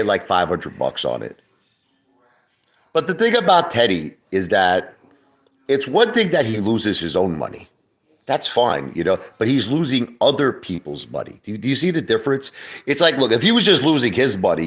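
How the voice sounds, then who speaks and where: A middle-aged New man with a very deep voice talks off the cuff on a livestream. His pitch leaps around as he rambles, curses freely and circles back over his own words. He comes across as loose and chatty. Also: wildly swooping pitch, normal speed. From Brooklyn, New York. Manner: rambling, profane, repeats himself. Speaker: livestream host. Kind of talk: casual livestream chat.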